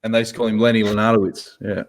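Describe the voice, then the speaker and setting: A man's voice: lowish voice, flat delivery, racing. A man co-hosting a podcast in loose, easy chat. He is laid-back, calls people mate and swears freely. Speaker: podcast co-host. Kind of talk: casual chat.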